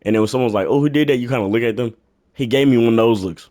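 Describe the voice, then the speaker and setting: A young man telling a comedic rant story, profane and exasperated, sometimes bursting into yelling. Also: mid-range voice, fairly even intonation, quick pace.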